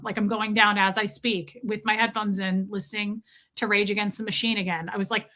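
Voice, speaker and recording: Bright-voiced woman chatting on a livestream. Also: medium pitch, normal speed. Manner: animated, storytelling, reads viewer comments aloud. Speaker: livestream host. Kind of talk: casual livestream chat.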